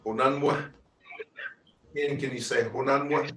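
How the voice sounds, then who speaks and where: A man's voice: medium pitch, steady tone, a little slow. A man teaching a language class, patiently repeating words and asking students to say them back. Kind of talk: online language class instruction. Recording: echoey, distant mic with noise.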